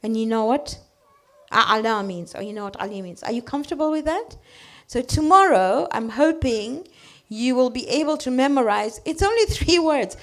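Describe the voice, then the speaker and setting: A middle-aged woman teaching children, telling stories in a lively way, acting out small voices and checking that the class is following. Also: fairly high pitch, normal speed. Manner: animated storytelling, acts out voices, asks checking questions.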